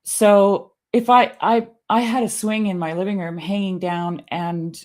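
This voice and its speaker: A middle-aged woman, a guest, telling stories in a casual, animated way, often laughing and acting out what others said. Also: measured pace. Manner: animated, laughing storyteller who acts out quotes in a varied pitch. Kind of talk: casual conversational storytelling.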